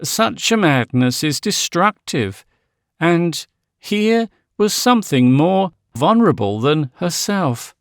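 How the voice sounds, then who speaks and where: Slow, lively male audiobook narrator. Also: fairly high pitch, clear, resonant tone, no room sound, clean studio sound. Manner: measured, dramatic storytelling. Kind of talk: scripted narration of a Victorian horror novel.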